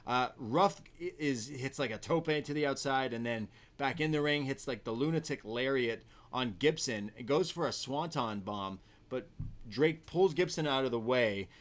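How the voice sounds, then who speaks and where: A man's voice: mid-range voice, moderate pace. A man co-hosting a podcast, casually recapping a show move by move and laughing often. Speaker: podcast co-host. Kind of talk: casual wrestling recap chat.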